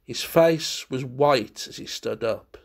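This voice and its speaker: A man reading a ghost story aloud as narrator in a measured, expressive way. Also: mid-range voice, vocal fry.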